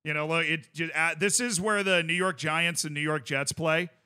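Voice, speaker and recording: A man's voice: on the high side, fairly even intonation, normal speed, sharp tone, clean tone. A male streamer chatting casually while reacting to clips, enthusiastic and rambling, full of fillers.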